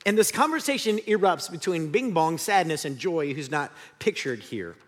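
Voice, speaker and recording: A middle-aged man preaching a sermon and telling stories against himself. His voice climbs and dips with lively energy and sits a little high. A long hall reverb carries every phrase. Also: normal speed. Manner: candid, self-deprecating storyteller. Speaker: pastor.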